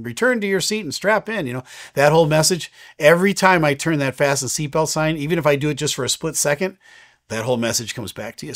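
In a relaxed, explanatory chat, an airline captain in his fifties answers viewer questions with frequent fillers, speaking in a mid-range voice.

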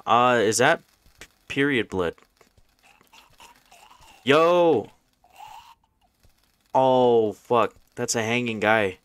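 A man's voice: medium pitch, drawn-out words, pauses often, a bit bright, a little hiss or hum. A young man giving nervous, swearing commentary while playing a horror game. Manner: jumpy, swearing, nervous chatter. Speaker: gaming YouTuber.

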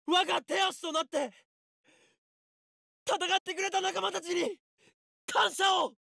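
A man's voice: very high voice, fairly even intonation, normal speed, gravelly, no room sound, studio quality, full character voice. An actor voicing a grandiose young male mad scientist in a visual novel, proclaiming his lines theatrically. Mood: triumphant. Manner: theatrical, proclaiming, shouted declarations.

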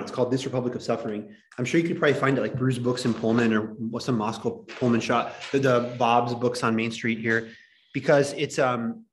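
Male history teacher, mid-pitched voice, digressive rambling lecture, filler-heavy, roomy classroom echo.

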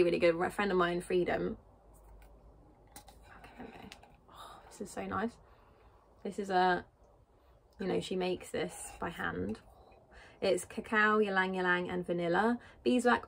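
A woman's voice: fairly low pitch, creaky, slight background noise. A British woman vlogging in a casual, rambling way, thinking aloud as she packs. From Britain. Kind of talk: casual chat while packing.

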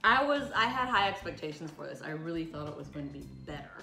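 A woman's voice: low-pitched, lively intonation, fast, gravelly, roomy sound, over music. A woman hosting a casual food review vlog, chatty and joking, teasing herself as she tastes. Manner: chatty, joking, self-deprecating.

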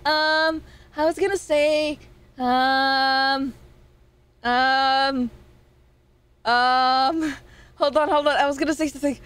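A woman's voice: high voice, steady tone, slow pace, long pauses, fairly bright tone. A woman streamer chatting with her viewers in a playful, teasing way, often breaking into laughs. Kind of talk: casual live-stream chat.

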